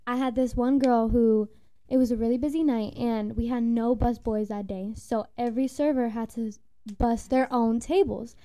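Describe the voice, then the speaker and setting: High-voiced young woman telling a story. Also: normal speed. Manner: animated storyteller, grows loud and emphatic. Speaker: former restaurant host. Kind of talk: casual storytelling among friends.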